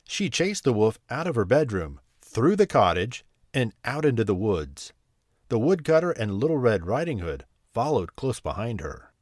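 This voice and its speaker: A man reading a bedtime story aloud in a slow, soothing, expressive way. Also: mid-range voice, dry recording, studio quality.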